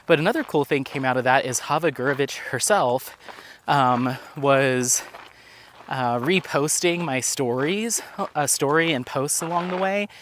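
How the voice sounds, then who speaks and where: A man's voice: mid-range voice, a little slow, a bit bright, a little hiss or hum. A man vlogging while out on a walk, chatting casually and rambling, a little out of breath. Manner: chatty, rambling, filler-heavy. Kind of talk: casual chat while walking. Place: outdoors on a walk.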